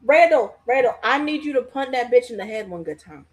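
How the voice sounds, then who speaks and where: A woman co-hosting a podcast watch party, loud, excitable and profane, yelling at the screen. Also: on the high side, a little fast. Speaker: podcast co-host. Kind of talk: casual watch-party chat.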